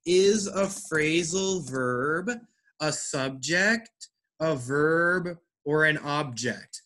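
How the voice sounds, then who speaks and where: A man teaching an online English class, speaking slowly and deliberately. His voice is bright and forceful. He is patient and encouraging and explains step by step over a video call. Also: on the high side. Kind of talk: online language lesson.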